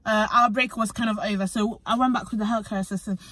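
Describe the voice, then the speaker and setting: A young British woman, a physician associate student, telling a story in a chatty, animated vlog. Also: medium pitch, quick pace, dry recording. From United Kingdom. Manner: chatty and animated, acts out conversations.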